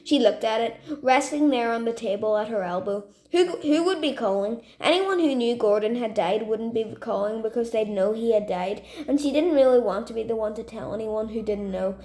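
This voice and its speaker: A woman reading a novel chapter aloud in steady storytelling, with occasional slips. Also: a little high, normal speed, hardly any pauses. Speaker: story reader.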